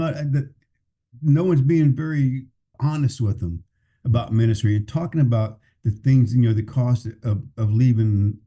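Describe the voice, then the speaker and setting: A pastor talks frankly and plainly, stopping and restarting his thoughts as he goes. His voice is very dark and mellow, sitting at an ordinary pitch for a man. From California. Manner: candid and plainspoken, with many restarts. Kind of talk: casual podcast conversation.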